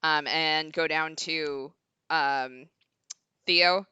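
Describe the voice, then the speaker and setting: A woman's voice: sits low, steady tone, drawn-out words, sharp tone, clear, resonant tone, no room sound, highs cut off. A woman playing a tabletop game over a video call, asking hesitant questions and giving short replies. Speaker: player.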